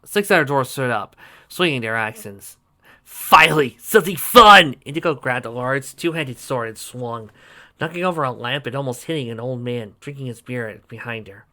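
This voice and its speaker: A steady, even narrator reads a fan fiction story aloud. The voice is bright and forward, with a plain storytelling delivery. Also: mid-range voice, normal speed. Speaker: reader.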